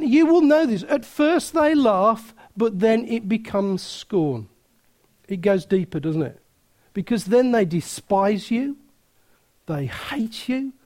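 A man preaching a sermon, telling a story with many restarts and laughter, then turning quieter and earnest. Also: very high-pitched. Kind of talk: sermon with anecdote.

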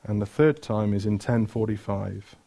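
A man's voice: lowish voice, normal speed, creaky, mellow. A man preaching a sermon, retelling stories with energy, asking the room questions and correcting himself mid-flow.

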